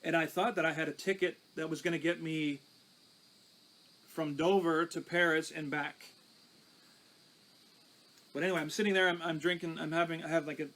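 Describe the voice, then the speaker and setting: A man's voice: a little high, fairly bright tone, poor audio. A pastor telling his life testimony in a conversational, storytelling way. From Canada. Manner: conversational, recounting with small restarts.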